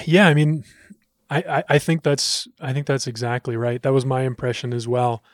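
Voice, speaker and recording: A man's voice: mid-range voice, level tone, normal speed, no room sound. A man hosting a local talk show, speaking casually and often repeating words as he thinks. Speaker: podcast host. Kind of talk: casual discussion.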